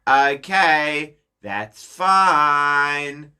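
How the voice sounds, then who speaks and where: Matter-of-fact king a guy puts on, brisk, bright tone. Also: on the high side, clear, resonant tone, voice pushed down, exaggerated voice. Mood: mild. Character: fair, businesslike old king.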